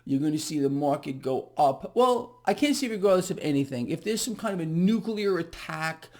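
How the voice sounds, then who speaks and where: A man's voice: on the high side, expressive, moderate pace. A man giving a casual market commentary to viewers, ranting in a sarcastic, profane way and laughing in exasperation.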